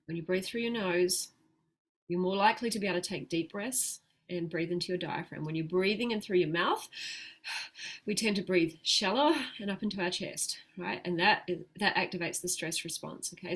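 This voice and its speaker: This is a woman coaching viewers through a live-streamed talk, in a middle-pitched voice. She sounds chatty and upbeat and laughs easily. She slows right down when she talks about calm breathing. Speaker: plant-based health coach.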